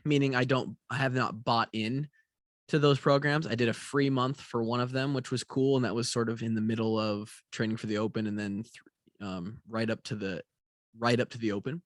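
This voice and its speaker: There's no room sound as a tired young man with a mid-range voice rambles in a casual talking-head vlog. He yawns, swears casually, and fills his speech with fillers.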